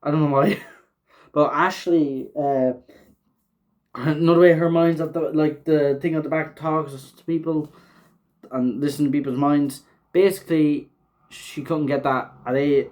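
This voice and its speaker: A man hosts a casual reaction recap of an episode, rambling with lots of fillers, swearing frequently and laughing as he talks. His slightly high voice has a darkish tone and a measured pace.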